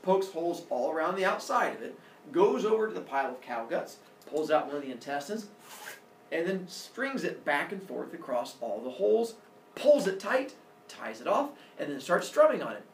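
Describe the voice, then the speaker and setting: Animated male storyteller in an echoey room. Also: on the high side, moderate pace. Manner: animated, jokey, lots of sound effects. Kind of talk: casual myth retelling. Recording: roomy room, distant mic, faint noise.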